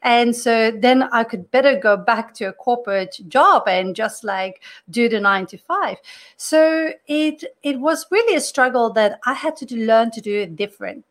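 A woman's voice: a little high, moderate pace. A middle-aged woman whose first language is not English, a career coach talking earnestly through a personal story in a podcast monologue, with frequent restarts.

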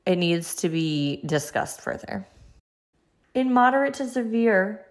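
A woman's voice: medium pitch, lively intonation, measured pace. A young woman hosting her own solo podcast, chatting earnestly and encouragingly with lots of casual fillers. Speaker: podcast host.

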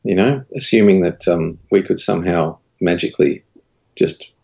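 Man, low gravelly voice, husky, candid interview guest, muffled lo-fi audio. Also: normal speed. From Australia. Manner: candid, recounts dialogue with rising animated pitch. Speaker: guest, studio owner and creative director. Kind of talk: casual interview storytelling.

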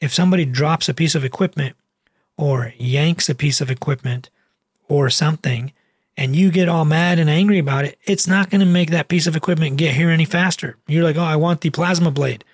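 A man's voice: a little high, a little fast, breathy edge, no room sound, studio quality. A male physician giving a casual, emphatic vlog talk, with repetitive phrasing and slang.

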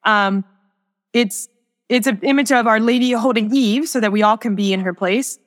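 A woman's voice: fairly high pitch, moderate pace, in a large hall. A young woman, a sacred artist, speaking as a guest in a podcast interview, telling a personal faith story in an earnest, reflective way with many restarts.

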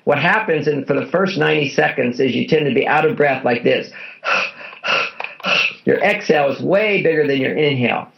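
Interviewed as a guest author, this man talks a little fast with a fairly high pitch, vocal fry, and few pauses. His explanations are earnest and instructive, circling back to repeat key points, all on dull lo-fi audio.

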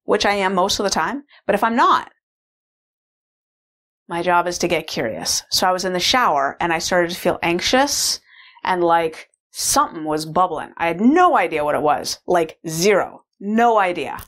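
A woman's voice: lowish voice, lively intonation, normal speed, fairly bright tone. A woman sharing a candid, reflective personal story as a course participant, with frequent fillers. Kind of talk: personal testimonial talk.

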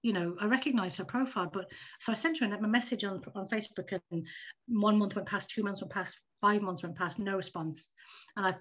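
Woman, 50s, quick animated storyteller, dull lo-fi recording. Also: mid-range voice. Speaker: podcast guest. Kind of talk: casual storytelling chat. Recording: dull lo-fi audio.

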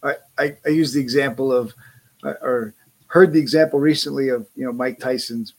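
A man's voice: mid-range voice, fairly quick, darkish tone. A man hosting a podcast interview, affirming his guest in a casual chat and stumbling over restarts. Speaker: podcast host.

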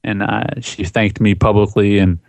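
Easygoing low-voiced co-host man. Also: flat delivery, normal speed, vocal fry, darkish tone, no room sound. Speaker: co-host, social media consultant. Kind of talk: casual chat.

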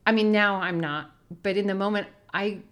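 A woman's voice: mid-range voice, normal speed, a bit bright. A young adult woman co-hosting a faith podcast, telling a personal story in an earnest, reflective way. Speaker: podcast co-host.

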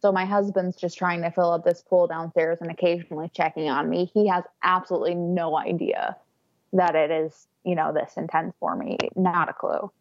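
A woman's voice: fairly low pitch, steady tone, normal speed, no room sound, muffled recording. A young woman casually telling a candid story, often laughing as she talks. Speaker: guest telling her birth story. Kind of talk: casual conversation.

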